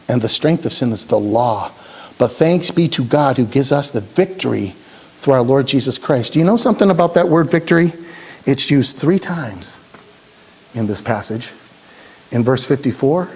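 A male pastor delivering a sermon in a church, dropping low and slow on key words and rising to urgent questions. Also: vocal fry, a little mellow.

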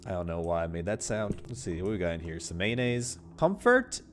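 A man's voice: sits low, big pitch swings, brisk, noisy background. A young man streaming a horror game, joking around and yelping at the scares. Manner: jumpy, joking, yelps and shouts. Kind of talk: horror game playthrough commentary.

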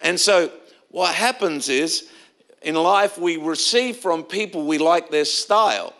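A middle-aged Australian pastor preaches a sermon in church, telling stories conversationally and often restarting his sentences. His voice is on the high side, slow, and fairly bright in tone.

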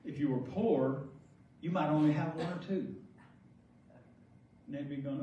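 A man's voice: on the high side, measured pace, long pauses, dark tone, dull audio, a little hiss or hum. A man preaching a sermon, telling stories with jokes and frequent laughter. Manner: jokey storytelling, laughs often. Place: large church sanctuary. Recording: echoey hall from far off.

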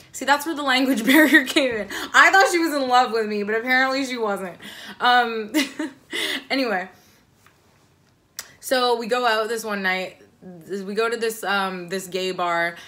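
A woman's voice: mid-range voice, pushed and bright. A young woman in her twenties telling a casual storytime vlog, rambling with lots of fillers and self-deprecating asides. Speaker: vlogger.

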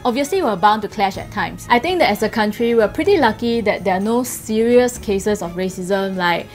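A woman's voice: mid-range voice, expressive, normal speed, soft background music. A young woman from Singapore, giving a blunt, sarcastic opinion monologue as a vlogger.

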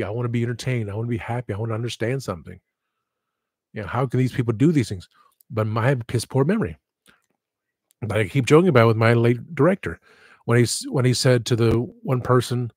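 A man with a husky, mid-range voice hosts his own live podcast stream, drifting from thought to thought with blunt, salty frankness. The sound is dry and close, with no room around it. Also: medium pitch, darkish tone, no echo. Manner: rambling, frank, swears freely. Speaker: livestream podcast host. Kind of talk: casual rambling livestream chat.

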